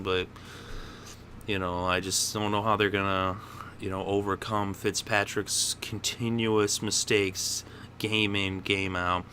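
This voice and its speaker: A man hosting a football picks show talks through the week's games in a lowish voice with a bright, forceful edge. He is opinionated and easily worked up into a rant. Faint background noise sits under his voice. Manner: opinionated, gets worked up and ranting. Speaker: sports picks host. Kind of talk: solo sports commentary.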